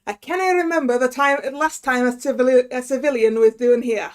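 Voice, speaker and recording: A woman voicing a gruff, hostile male prison governor in a put-on Scottish accent, blustering and threatening. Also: high voice, fairly even intonation, fairly quick, close to an everyday voice. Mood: gruff, suspicious.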